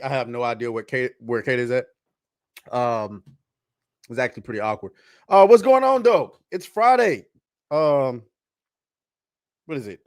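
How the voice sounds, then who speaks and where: Male stream host, casual and profane, bouncy high voice, dry close sound. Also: a little mellow, dry recording. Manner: loose, profane, reads out chat names. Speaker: podcast host. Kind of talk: casual livestream chat.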